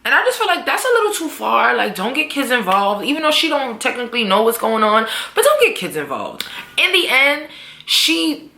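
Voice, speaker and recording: A young woman breaks down a TV episode in casual, slang-heavy talk, swearing and scolding the characters as she goes. Her voice is bright and lively, jumping up and down in pitch. The room around her rings with echo. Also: normal speed, gravelly. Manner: animated, swearing, slangy, talks back to characters. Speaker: vlogger reviewing a TV episode. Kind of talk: casual recap with acted quotes. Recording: echoey room.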